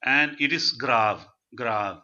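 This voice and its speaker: Bright-voiced man teaching a video class. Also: medium pitch, slow pace. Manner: repeats words, drills pronunciation. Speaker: French teacher. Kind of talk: live online language class. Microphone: video call. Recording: muffled video-call audio.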